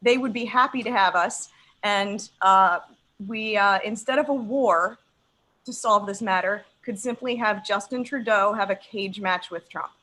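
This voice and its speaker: A young woman performing a stand-up set on a video call, emphatic and profane, pausing like a preacher between lines. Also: medium pitch, sharp tone, low-quality recording. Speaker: stand-up comedian.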